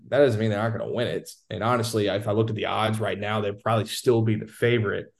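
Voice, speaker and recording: A man's voice: lowish voice, steady tone, fast, gravelly, few pauses. A man on a casual sports chat, confidently breaking down how the league is going. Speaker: soccer analyst guest.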